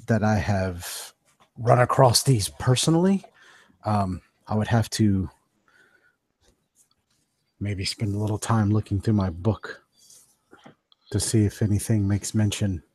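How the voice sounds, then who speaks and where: A man taking part in a tabletop role-playing session speaks in a halting way, restarting his phrases. His voice is on the low side and casual. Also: a little mellow, dry recording. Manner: hesitant, halting. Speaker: player. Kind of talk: tabletop game play.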